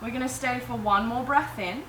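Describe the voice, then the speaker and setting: A woman teaching a yoga class, calmly cueing breath and movement step by step. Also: fairly high pitch, normal speed, recorded from a distance, slight background noise. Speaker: yoga instructor. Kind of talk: guided yoga class instruction. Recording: echoey room, faint ambience.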